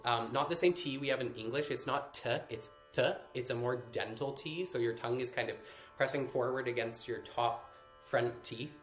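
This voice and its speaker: A man's voice: medium pitch, fairly bright tone. Man teaching mantras in a roomy space. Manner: patient, explains pronunciation step by step; hesitant, many fillers and restarts. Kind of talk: live-streamed workshop teaching.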